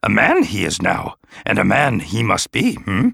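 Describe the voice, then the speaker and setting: A man voicing an ancient, small alien sage who is stern yet dryly gentle, speaking in inverted word order with thoughtful hums. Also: on the low side, wildly swooping pitch, moderate pace, creaky, husky, no room sound, studio quality, exaggerated voice. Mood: gently reproving.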